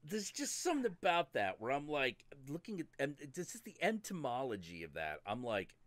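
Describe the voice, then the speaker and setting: Profane, animated male stream host. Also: medium pitch, moderate pace, no room sound. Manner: animated, profane, does mock voices. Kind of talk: casual chat on a live stream.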